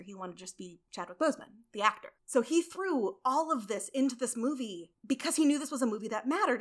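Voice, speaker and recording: Animated woman telling history, high voice. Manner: animated storyteller acting out quotes. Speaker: podcast host. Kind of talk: casual history chat.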